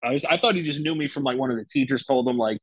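A young man talks through a personal story in an easy, rambling way, restarting sentences and swearing freely. His voice is of average pitch and sits dry and close to the mic. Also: very fast, dry recording, poor audio. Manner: loose, profane, lots of fillers and restarts. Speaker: guest. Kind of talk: casual storytelling.

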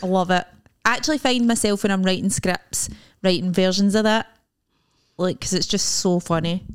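A young Scottish woman co-hosts a casual podcast, rambling along and acting out little bits of dialogue. Her voice is medium-pitched and clean, at a normal speed.

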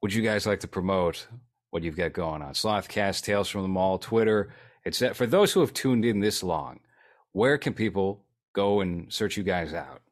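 A man's voice: sits low, lively intonation, normal speed. A man hosting a podcast in casual chat, dry and wry. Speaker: podcast host.

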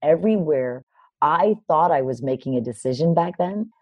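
A woman in her fifties, a personal development teacher, telling a story in conversation with animated, emphatic delivery. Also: low voice, moderate pace, husky, no echo. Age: 50s. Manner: animated, emphatic retelling with raised quoted lines.

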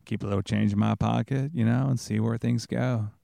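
A man puts on a relaxed celebrity man with a slow, lazy drawl. The voice sits low and unhurried, recorded close and dry with no room sound. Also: vocal fry, dry recording. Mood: laid-back.

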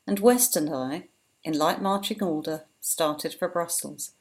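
A woman reading a memoir aloud with impassioned, anguished feeling. Her voice is fairly low. She tells the story as a dramatic first-person reading. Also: darkish tone.

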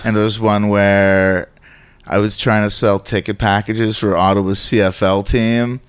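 A man from Canada spins animated anecdotes about his old jobs in a relaxed conversation. His voice sits low and comes across smooth and resonant. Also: measured pace. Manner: animated storyteller acting out quoted voices. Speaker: guest comedian. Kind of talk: casual storytelling chat.

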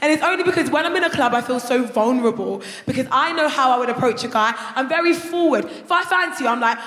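A woman doing a live stand-up set on stage, telling crude stories in a brash, animated way. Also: sits high, quick pace. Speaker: guest stand-up comedian. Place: large concert hall stage. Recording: echoey hall, live crowd noise. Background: live audience laughing.

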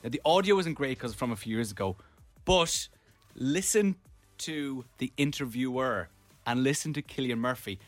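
A man hosting a radio show, chatting playfully and telling stories with lively energy. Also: medium pitch, moderate pace, faint music behind. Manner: playful, animated storytelling. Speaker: radio host. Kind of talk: casual radio chat.

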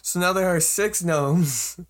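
A man in a relaxed manner, narrating a tabletop game as game master and laughing along. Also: high-pitched, slow. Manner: laid-back, laughing through narration.

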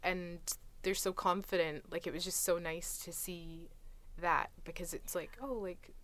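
A young woman talking casually as a guest, retelling stories in a chatty, animated way. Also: fairly low pitch, measured pace. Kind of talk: casual conversation.

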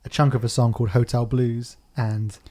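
A man's voice: medium pitch, level tone, moderate pace, dark tone. Chatty man, rambling and laughing. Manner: chatty, rambling, self-correcting, laughs often. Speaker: podcast co-host, musician. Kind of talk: casual chat.

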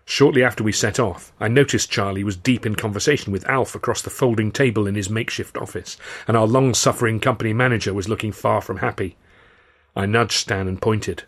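A man, the author, reading his novel aloud in measured, dry first-person narration. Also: on the low side, steady tone.

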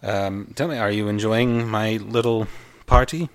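A man with a smooth, fairly low voice plays a middle-aged, Spanish-looking male party host who speaks formally with an Arabic accent over guitar music. His tone is courtly, formal, and gracious, his delivery slow and measured.

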